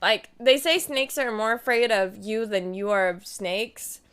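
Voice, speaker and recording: In a smooth, mid-range voice that is a bit bright and a little slow, a young woman in her twenties chats with her live stream audience. She tells a story, acting out what she and her friends said.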